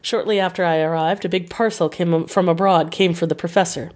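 A woman reading a diary novel aloud in a measured, unhurried way. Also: on the low side, fairly even intonation. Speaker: audiobook reader.

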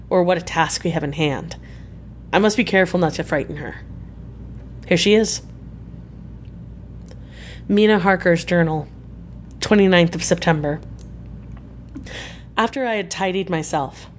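A woman reading a classic novel aloud as scripted narration, in a measured, even way. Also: on the low side, a little hiss or hum. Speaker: audiobook reader.

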